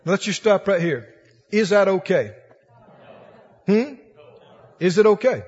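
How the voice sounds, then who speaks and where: A man's voice: high-pitched, expressive, takes it slowly, a little mellow, husky. A male preacher giving an emphatic, rousing sermon in a church and asking the congregation questions. The recording is dull, with long church reverb.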